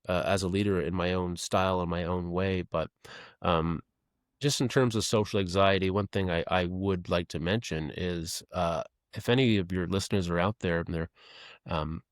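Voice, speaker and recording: Middle-aged guy on a podcast, lowish voice, dry close sound, lots of ums and restarts, opens up about himself. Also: smooth, no room sound. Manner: reflective, self-deprecating, halting with many fillers and restarts. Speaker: podcast guest, advertising creative leader. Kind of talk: candid conversational interview.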